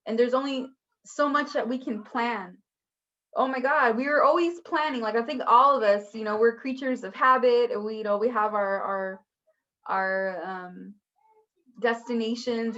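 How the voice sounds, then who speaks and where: A woman teaching a poetry workshop in a chatty, animated way, acting out small quoted outbursts. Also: fairly high pitch, dull audio. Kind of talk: online workshop talk.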